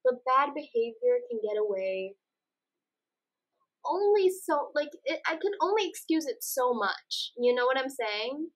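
A young woman co-hosting a chatty podcast, her voice sitting a little high. She talks in animated, exasperated bursts and slips into quick acted-out quotes of the people she's discussing. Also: poor audio. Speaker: podcast co-host. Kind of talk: casual chat.

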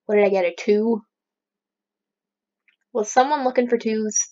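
A woman's voice: on the high side, fairly even intonation, measured pace, warm tone. A young woman giving casual gameplay commentary as a let's play host, chatty and playfully mock-outraged at her opponents. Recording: slightly dull lo-fi recording.

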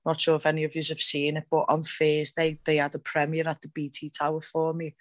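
A woman fighter on a radio talk show, telling her stories in a rambling, animated way with lots of fillers. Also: deep voice, fairly quick, dry recording. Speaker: MMA fighter guest. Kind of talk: excited casual storytelling.

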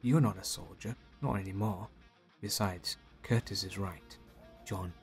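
A man's voice: sits low, a little slow, faint music behind. A man playing a sarcastic, swearing young man in a fan audio drama.

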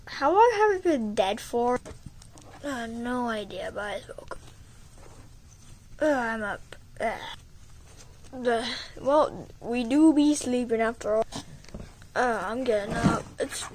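A woman acting out a plush toy skit, voicing several characters in excitable, playful banter full of slang. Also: a little high, slow pace, a little hiss or hum. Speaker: plush toy video maker. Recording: music playing under the voice.

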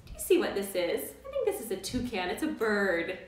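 A woman teaching a live online music class for small children, speaking in a bright, coaxing, sing-song way. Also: medium pitch, huge pitch swings, fairly quick. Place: indoors at home during quarantine. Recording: very echoey room, mic at a distance.

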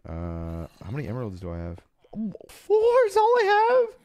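A young man casually livestreaming a game, excitable and swearing, with sudden shouts. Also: mid-range voice, moderate pace, dry recording. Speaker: streamer.

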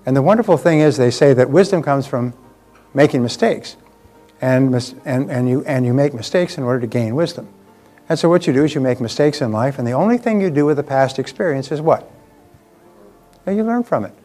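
A man addresses a seminar audience in a motivational talk, his voice sitting at an ordinary middle pitch. He stresses his points and circles back to repeat the key lines, and faint music runs quietly underneath. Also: animated, brisk. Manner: emphatic, repeats key phrases for effect.

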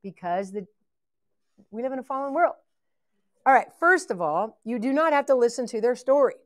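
A woman's voice: a little high, expressive, normal speed. A woman leading a live ministry training session, blunt and joking as she teaches. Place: church event hall.

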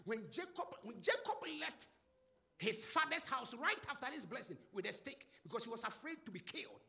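A male preacher with a high, sharply bright voice and a gravelly edge, preaching in call-and-response style. He swings his pitch widely, shouting and chanting phrases at the congregation while faint music plays beneath. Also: sing-song, normal speed. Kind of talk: sermon.

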